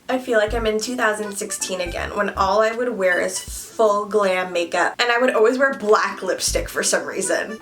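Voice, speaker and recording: A woman's voice: mid-range voice, fairly bright tone. A young woman chatting playfully to viewers while doing her makeup on camera. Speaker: beauty vlogger. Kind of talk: casual makeup tutorial chat.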